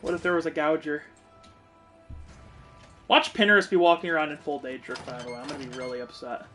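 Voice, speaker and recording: A man's voice: on the high side, steady tone, very fast, a bit bright, soft background music. A man streaming a video game, giving casual, joking commentary and swearing freely.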